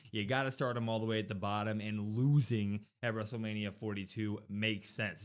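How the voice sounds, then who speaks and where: A man co-hosting a wrestling podcast, giving opinionated, animated takes in casual chat. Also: lowish voice, smooth. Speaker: podcast co-host.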